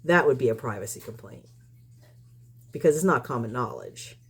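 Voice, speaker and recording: Woman commentator with a deep voice, heated and rambling. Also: lively intonation, moderate pace, husky. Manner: combative, rambling with restarts. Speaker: YouTube commentator. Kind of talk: casual commentary.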